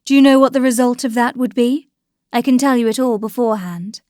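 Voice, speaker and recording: A woman's voice: on the high side, a little fast, no room sound, studio quality, natural voice. A woman reading the lines of a proud aristocratic young wife, with raised, bitter irony. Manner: bitter frivolous irony, louder than the narration.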